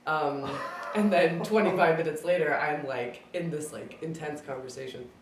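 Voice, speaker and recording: A speaker telling a personal story in a casual, chatty way, acting out quoted dialogue and filling pauses with "like". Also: mid-range voice, distant mic, slight background noise. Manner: chatty, acts out quoted dialogue, many fillers of "like". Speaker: speaker sharing a memory at a gathering. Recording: roomy sound from away from the mic.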